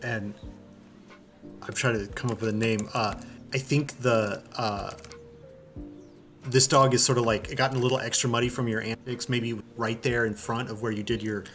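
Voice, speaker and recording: A man narrating a tabletop game as game master, halting and searching for his words. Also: mid-range voice, fairly even intonation, a bit bright, soft background music.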